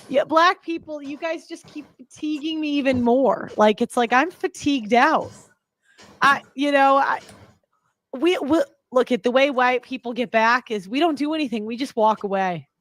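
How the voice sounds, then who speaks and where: Exasperated woman with a fairly high voice. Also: measured pace, fairly bright tone. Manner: exasperated, defensive. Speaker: panel guest. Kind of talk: heated panel discussion.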